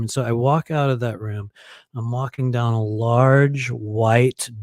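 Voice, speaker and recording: A man's voice: mid-range voice, no room sound. Rambling man telling a story. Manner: rambling, filler-heavy, animated quoting. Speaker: host of a live psychic stream. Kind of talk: casual storytelling. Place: home in Florida.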